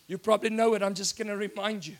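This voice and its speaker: A man with a South African accent preaching an excitable sermon, often breaking into shouts. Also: high voice, quick pace.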